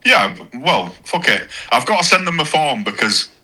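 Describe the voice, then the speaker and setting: A man speaks as a guest on a podcast, swearing casually and poking fun at himself. His voice has a very bright, sharp edge at an ordinary middle pitch. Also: big pitch swings, normal speed, slightly rough, poor audio. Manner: swearing, self-mocking, casual. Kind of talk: casual chat.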